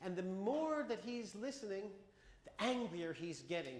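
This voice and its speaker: A man giving a conversational, wry museum talk to an audience, with halting restarts. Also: high-pitched. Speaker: lecturer and folk singer. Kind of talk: museum talk with sung examples. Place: museum hall. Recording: echoey hall with guitar. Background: acoustic guitar.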